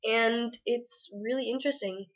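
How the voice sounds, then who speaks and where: A young woman chats through a casual book review, gushing and giggling as she goes. Her voice sits a little high. The recording is dull and lo-fi, like a basic webcam mic. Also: steady tone, normal speed, fairly bright tone.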